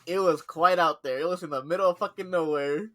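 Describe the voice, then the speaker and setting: A young man co-hosting a podcast tells stories in casual chat, his voice fairly high-pitched and a little fast. He's an animated storyteller who swears freely and acts out quotes.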